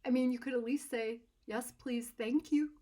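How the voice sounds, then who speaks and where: A man's voice: extremely high pitch, fairly even intonation, moderate pace, dark tone. A woman voicing an exasperated male fellow artist who scolds in disbelief. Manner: scolding, incredulous.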